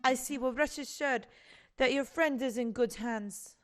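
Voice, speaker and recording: A woman voicing a calm, measured male doctor in a game. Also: sits high, faint music behind. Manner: measured, professional.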